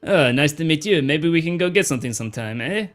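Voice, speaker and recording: A man voicing a gruff, suspicious male alien doorman who guards a tavern entrance in a space tabletop game. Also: mid-range voice, very animated, slow pace, pushed and bright, full character voice.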